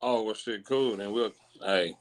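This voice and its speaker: A man's voice: fairly low pitch, measured pace. A man hosting a live stream in casual chat, teasing his chat and laughing often.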